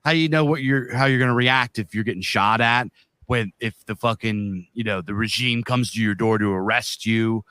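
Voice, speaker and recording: A man's voice: lowish voice, moderate pace, bright, forceful tone, smooth, no echo. A man co-hosting a podcast, telling a long story in a loose, profane, rambling way. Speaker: podcast co-host.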